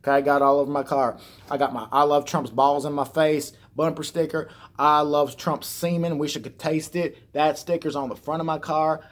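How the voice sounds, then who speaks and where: A man doing a brash, crude loudmouth brother. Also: fairly high pitch, fairly even intonation, normal speed, natural voice. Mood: boastful. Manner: boastful, crude.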